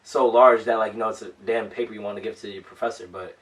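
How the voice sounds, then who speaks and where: A man's voice: fairly low pitch, steady tone, fast talker, a bit bright, far from the mic, rough recording. A young man co-hosting a casual podcast, talking in long, earnest, slangy rambles. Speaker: podcast co-host.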